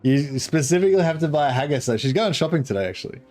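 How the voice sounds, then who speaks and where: A man's voice: fairly high pitch, animated, rapid-fire, a little mellow, soft background music. A man chatting casually on a game livestream, rambling, chuckling and reading chat aloud. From Australia. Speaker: streamer. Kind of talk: casual live-stream chat.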